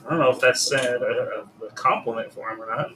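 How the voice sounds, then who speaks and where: A man's voice: medium pitch, steady tone, a little fast, pushed and bright, a little hiss or hum, low-quality recording. A man who is a guest artist on a live drawing stream, talking casually and muttering to himself as he works. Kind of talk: casual chat while drawing.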